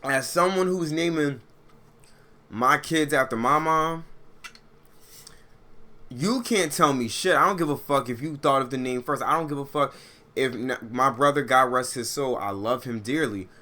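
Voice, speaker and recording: A man reading online stories aloud while playing a game, breaking into loud, profane, animated rants. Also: mid-range voice, measured pace. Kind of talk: casual gaming commentary with rants. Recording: gameplay music behind the voice.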